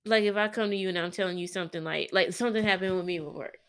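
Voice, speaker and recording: A woman with a lowish, gravelly voice talks with her husband in a casual couple's chat. She is hesitant and reflective, and she often restarts to find a better example. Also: racing, a bit bright. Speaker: wife in a couple's vlog.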